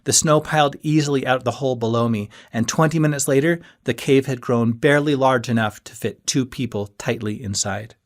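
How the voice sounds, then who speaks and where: A man reading a first-person audiobook in a steady storytelling manner that rises with moments of tension. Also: medium pitch, a little fast, few pauses. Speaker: audiobook narrator.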